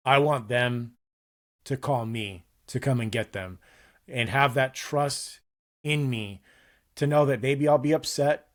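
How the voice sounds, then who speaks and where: A man's voice: mid-range voice, slow pace. A man in his thirties, a guest on a casual podcast, talking candidly and earnestly about parenting in a loose, rambling way with frequent restarts.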